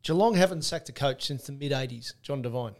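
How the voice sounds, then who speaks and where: A man's voice: mid-range voice, a little fast, darkish tone. A man hosting a casual podcast, blunt and swearing freely as he talks football. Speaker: podcast host.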